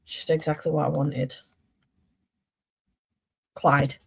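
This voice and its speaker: A woman's voice: low voice, flat delivery, takes it slowly, gravelly, husky. A young woman chatting casually about her reading as a book vlogger, rambling, correcting herself and laughing often. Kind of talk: casual chat.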